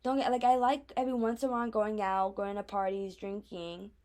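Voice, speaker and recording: A woman's voice: mid-range voice, flat delivery, a little fast, a little mellow. A teenage girl talking casually to her audience, rambling with lots of filler words. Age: teens. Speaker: vlogger. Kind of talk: casual chat.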